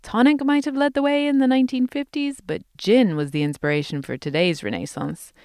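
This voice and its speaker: A woman's voice: fairly high pitch, a little fast, a little mellow, clean tone, dry recording, clean studio sound. A woman co-hosting a podcast, narrating a script in a playful, enthusiastic way. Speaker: podcast co-host.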